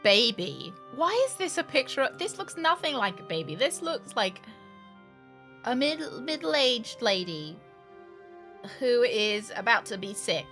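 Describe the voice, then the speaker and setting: A woman streaming a game and chattering over it, her high voice bouncing around a wide range. She talks slowly and jokingly, and faint music sits in the background. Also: sing-song, a bit bright. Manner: giggly, teasing, swears casually. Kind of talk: casual gameplay commentary.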